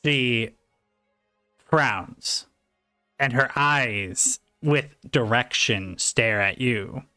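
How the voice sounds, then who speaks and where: A game master narrating a tabletop game in a halting, descriptive way. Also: medium pitch, bright, forceful tone, no echo, studio quality, soft background music.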